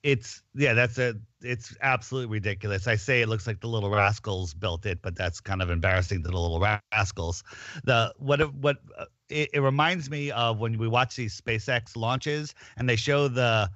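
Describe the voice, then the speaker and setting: Rambling storytelling man, bright dull audio. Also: fairly low pitch, normal speed, dry recording. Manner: rambling storyteller, many restarts. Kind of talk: casual chat.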